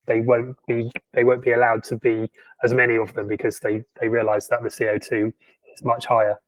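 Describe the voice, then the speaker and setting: A man co-hosting a podcast in casual chat, animated and sardonic, stumbling through frequent restarts. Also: medium pitch, no echo, rough recording. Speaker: podcast co-host.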